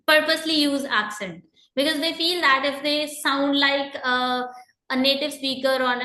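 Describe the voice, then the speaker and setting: A woman's voice: high voice, sharp tone, echoey room. A woman teaching an exam-prep lesson, explaining patiently to students with frequent fillers and repeated reminders. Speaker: IELTS teacher.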